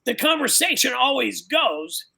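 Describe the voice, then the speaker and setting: A man's voice: very high-pitched, big pitch swings, measured pace, gravelly, pushed and bright, rough recording. A pastor speaking casually and animatedly, dropping "man" and "you know" into nearly every sentence. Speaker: pastor and biker ministry guest. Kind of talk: casual conversation.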